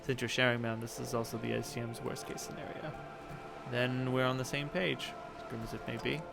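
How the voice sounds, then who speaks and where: A man reading aloud as a calm police lieutenant, clipped and matter-of-fact. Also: medium pitch, a little fast, gravelly, over music, lightly acted. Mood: dry. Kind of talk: reading game dialogue aloud.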